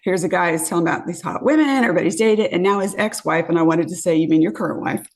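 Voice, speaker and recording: A woman's voice: on the low side, quick pace. A woman in her fifties, a podcast guest, animatedly telling dating stories and acting out what people said. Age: 50s. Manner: animated, acts out quotes. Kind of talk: casual storytelling.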